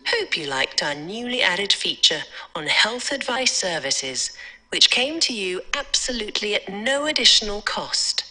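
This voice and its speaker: A woman voicing a cheery, bright AI customer care agent. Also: mid-range voice, full character voice. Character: female AI customer care voice, polite, tone-deaf.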